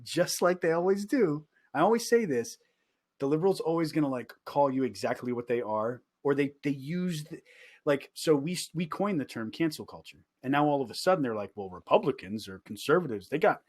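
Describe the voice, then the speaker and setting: A man co-hosting a casual comedy podcast, rambling through animated banter and laughing often. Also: fairly high pitch, fairly quick. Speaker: podcast co-host.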